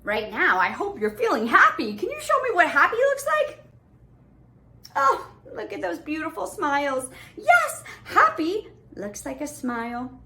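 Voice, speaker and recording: A woman teaching an online preschool class, talking to small children in a bright sing-song voice. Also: high voice, wildly swooping pitch, unhurried, a little hiss or hum.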